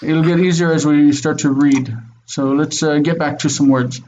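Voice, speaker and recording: A man teaching a Biblical Hebrew class over a video call, drilling pronunciation slowly and patiently. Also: a little high, steady tone, darkish tone, lo-fi sound, slight background noise. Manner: slow, careful pronunciation drills.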